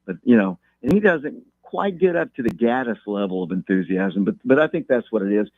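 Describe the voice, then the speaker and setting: A man's voice: fairly low pitch, lively intonation. Man on a tinny phone line. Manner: measured, repeats words when thinking. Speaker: guest talking local high school football. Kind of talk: phone-in interview.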